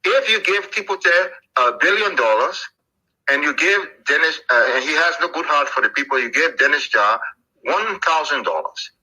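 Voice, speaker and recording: An older man with a Liberian accent, telling animated, jokey stories as an interview guest, with plenty of fillers. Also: fairly high pitch, normal speed, husky, rough recording. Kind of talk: storytelling interview.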